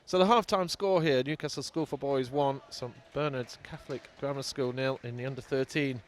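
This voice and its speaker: A man giving live football commentary outdoors, excitable, his voice leaping up when goals go in. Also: mid-range voice, normal speed. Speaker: match commentator. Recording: crowd noise behind.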